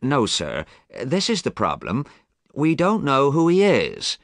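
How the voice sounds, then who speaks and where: A man's voice: medium pitch, huge pitch swings, slow pace, no room sound, clean studio sound, pitched above the performer's own voice, heavily acted. A man voicing a respectful male official who explains a problem in a storybook reading. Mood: explaining.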